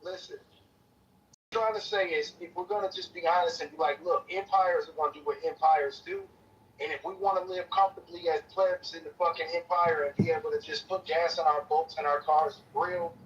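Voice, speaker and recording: A fired-up man argues politics in a heated debate, cursing and restarting his sentences as he pushes his point. His voice sits a bit high. He sounds far from the mic on a dull, lo-fi feed with a faint hiss. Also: steady tone, a little fast. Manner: profane, repetitive, forceful restarts. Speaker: debate participant. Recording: distant lo-fi stream audio with faint noise.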